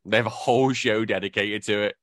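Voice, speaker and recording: A man's voice: lowish voice, fairly even intonation, fast, fairly bright tone. A man hosting a casual gaming podcast, rambling and self-correcting with a joking tone. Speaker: podcast host.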